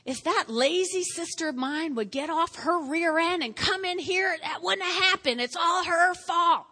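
A woman's voice: sits high, very animated, moderate pace, bright, forceful tone, husky, full character voice. A woman voicing a flustered, busy hostess who frets over her cooking and blames her sister, in a reverberant hall. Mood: resentful.

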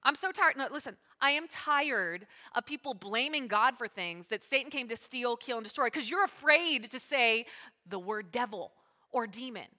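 A woman pastor preaching a sermon, talking fast and emphatically and calling out to her congregation. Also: fairly high pitch, lively intonation, pushed and bright. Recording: long hall reverb.

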